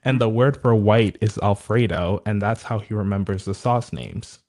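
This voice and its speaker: A man's voice: fairly low pitch, moderate pace, a little mellow. A young man hosting a casual podcast, reading a listener story aloud and laughing often. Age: young adult. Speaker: podcast host.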